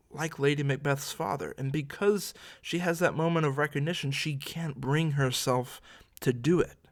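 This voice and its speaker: A man teaching literature in a relaxed, conversational lecture, explaining a play scene by scene with slangy asides. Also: on the high side.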